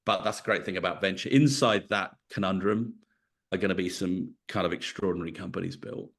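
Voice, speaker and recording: A man's voice: low voice, fairly quick, gravelly, a bit bright. A middle-aged man answering interview questions in a reflective, storytelling way, thinking aloud as he goes. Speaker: podcast guest, venture investor.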